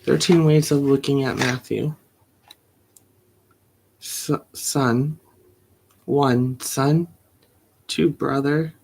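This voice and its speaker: A poet giving a slow, measured, often hushed reading of grief poems. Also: medium pitch, steady tone, creaky, slight background noise. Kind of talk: poetry reading.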